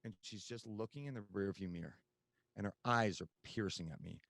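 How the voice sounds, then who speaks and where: A man's voice: lowish voice, brisk, gravelly, a bit bright, no room sound. A man telling his recovery story as a podcast guest, candid and conversational with frequent fillers.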